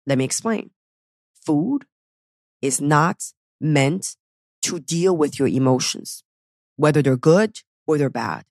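A woman podcast host giving blunt, profane, animated coaching talk, acting out the inner voices of her listeners. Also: deep voice, takes it slowly, long pauses, no echo, studio quality. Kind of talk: weight-loss coaching talk.

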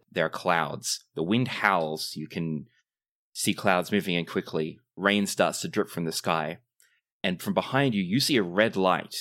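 A man running a tabletop game as game master, narrating scenes in a measured, descriptive way. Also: sits low, a bit bright.

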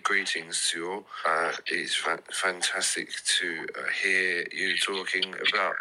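A man's voice: deep voice, level tone, a little slow, heavy background noise. A man with a British accent voicing a tipsy, sentimental, rambling British man in a recorded voice note, slurred and full of ums and uhs. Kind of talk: voice note played back.

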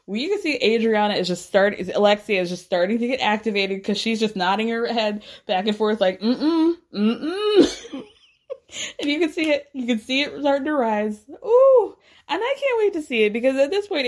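A young woman recapping reality TV in a casual, expressive way, laughing often and swearing freely. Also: mid-range voice. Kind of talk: animated casual recap, quoting cast members.

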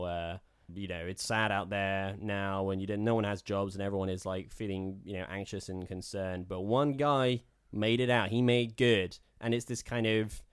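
A man's voice: deep voice, smooth, no echo, studio quality. A man co-hosting a podcast, chatting casually about politics in a sardonic, rambling way. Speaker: podcast co-host.

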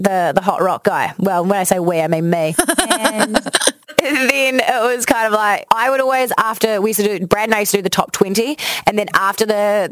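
A woman, a radio host telling personal stories in casual chat, acting out quotes with big jumps in voice. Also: dry recording. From New Zealand. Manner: animated, acts out quotes with big pitch jumps. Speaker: radio host, podcast guest.

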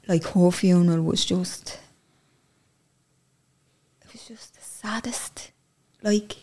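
A woman's voice: lowish voice, darkish tone. An Irish woman telling a personal story in an interview, candid and emotional, swearing casually as she talks.

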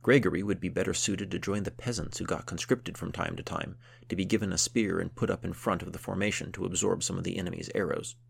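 A man narrating a historical novel in a steady, measured storytelling manner. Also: sits low, creaky, husky.

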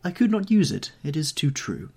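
Man putting on a high, teasing duchess. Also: big pitch swings, gravelly, a little mellow, husky, exaggerated voice. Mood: playful. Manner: playful, quick retorts. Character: witty, teasing aristocratic duchess, young woman.

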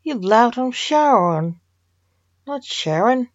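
A woman's voice: mid-range voice, takes it slowly, darkish tone, no room sound, natural voice. A woman doing a huffy, snappish Grim Reaper. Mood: exasperated. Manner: huffy, exasperated. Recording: dull lo-fi recording.

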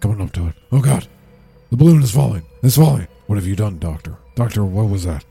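A man playing a bumbling, self-important townsman under hypnosis, who talks in a rambling, excitable, panicky way. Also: fairly low pitch, fast talker, gravelly, breathy edge, no echo, faint music behind, full character voice.

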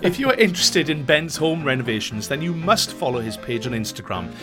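A man's voice: a little high, big pitch swings, fairly quick, over music. A man co-hosting a podcast, chatting casually and wrapping up the show with theatrical enthusiasm. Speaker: podcast co-host. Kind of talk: casual chat and show wrap-up.

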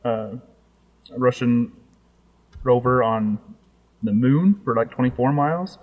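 A relaxed man chats about tech news, hedging and trailing off mid-thought, with an easygoing, unhurried manner. A long reverb tail hangs on his voice. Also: medium pitch, phone-quality sound. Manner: laid-back, hesitant, trails off. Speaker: podcast co-host. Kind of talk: casual tech news chat.

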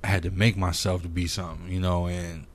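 A man's voice: low voice, little pitch movement, fast. A man from Minnesota, a music producer, talking as a guest on a podcast in a loose, profane storytelling way. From St. Paul, Minnesota, USA. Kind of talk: casual podcast conversation.

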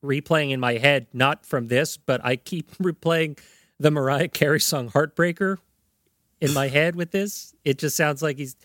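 Jokey podcast guy, bright voice, dry sound. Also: on the high side, measured pace, dry recording. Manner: jokey, wry. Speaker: podcast co-host. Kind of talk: casual chat.

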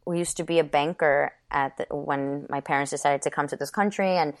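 A woman with a slightly low-pitched voice recounts her own life as an interview guest. She was born in Ecuador and grew up in New York. Her storytelling is earnest and conversational, and she leans constantly on "you know" and "like.". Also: fairly even intonation, a little fast. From born in Ecuador, raised in New York.

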